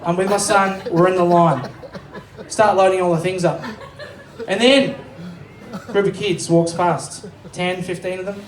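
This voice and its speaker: A man's voice: high-pitched, steady tone, unhurried, pauses often. An Australian man doing a live stand-up comedy set, rambling into asides and swearing freely. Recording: roomy distant live recording, faint ambience.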